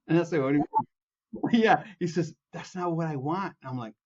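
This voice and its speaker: A man from Chicago, a composer and guest, telling anecdotes with lively acted-out quotes, many restarts and laughs. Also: on the high side, normal speed, highs cut off. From Chicago, USA. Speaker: music producer and film composer, guest. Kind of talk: animated anecdotal storytelling.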